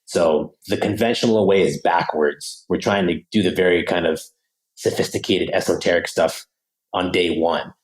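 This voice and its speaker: An animated man from the United States talks as a podcast guest, his voice sitting a little low. He explains his ideas in a loose, slangy way and keeps asking "right?" to check that the listener is following. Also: moderate pace, low-quality recording. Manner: casual slangy delivery with many "like" fillers. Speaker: podcast guest, language coach.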